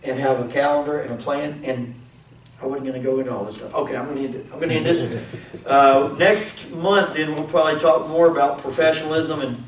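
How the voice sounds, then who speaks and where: Talking a little fast in a fairly high voice, this pastor guides a group planning session with earnest, casual teaching, often repeating himself while thinking. The distant mic picks up a roomy space and faint noise.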